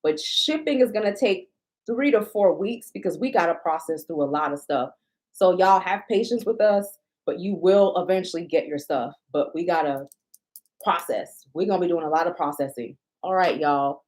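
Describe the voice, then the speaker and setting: A woman's voice: on the low side, moderate pace, a little mellow. A woman with a blunt, indignant, profane manner, ranting casually to her viewers as a shop owner and vlogger.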